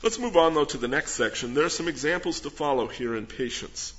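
A man's voice: a little high, expressive, fairly quick, few pauses, lo-fi sound. A man preaching a sermon, reading scripture and asking rhetorical questions with earnest emphasis. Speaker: pastor.

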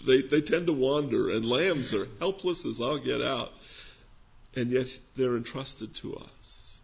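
A man preaching a sermon in a gentle, conversational teaching manner, posing questions to his listeners. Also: medium pitch, slow, vocal fry, lo-fi sound. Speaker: pastor.

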